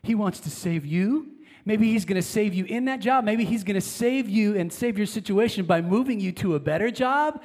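Fervent high-voiced pastor in a hall. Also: male voice, normal speed. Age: 30s. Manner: fervent, builds from quiet to loud emphasis. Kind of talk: sermon. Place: large church hall. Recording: long hall reverb.

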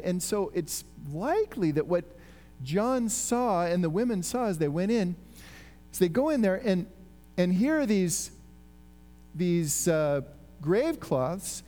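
A man with a notably high voice preaches in an easy, conversational way. He retells the scene with animation and often restarts his sentences. His voice rings with a long hall reverb over faint music. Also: dark tone. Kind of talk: sermon.

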